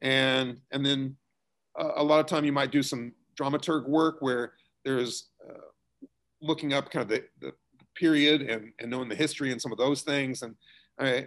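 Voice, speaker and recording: In a laid-back interview, this school theater director, a middle-aged man, explains what he does. His voice sits in the mid-range, and his delivery is chatty, full of fillers and false starts.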